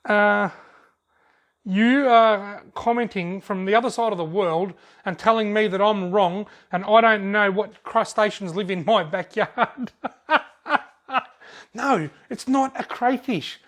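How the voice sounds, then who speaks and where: A man's voice: high voice, steady tone, unhurried, a bit bright. A man with an Australian accent, joking and laughing as he reads out viewer comments on his fishing videos. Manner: jokey, laughs often, drawls words out. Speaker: fishing channel host. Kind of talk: casual chat reading out comments.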